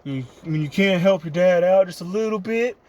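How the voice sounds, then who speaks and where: A man's voice: high voice, fairly quick, a little mellow, muffled recording, pitched above the performer's own voice, natural voice. A man playing a lazy, scheming older ninja mentor. He coaxes and wheedles to get his way, in a loose, everyday voice. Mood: wheedling.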